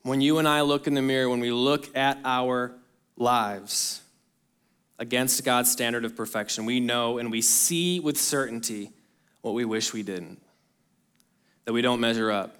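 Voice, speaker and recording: A man preaching a sermon to his congregation, speaking earnestly and directly to them, rising to emphatic bursts and then dropping soft and low. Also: steady tone, measured pace, smooth. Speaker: pastor.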